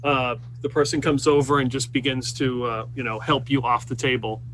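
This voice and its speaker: A man running a tabletop game over a voice call, narrating scenes in a mid-pitched voice. He talks loosely and hesitantly, leaning on fillers as he paints the action. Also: level tone, normal speed, a bit bright, a little hiss or hum. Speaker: game master.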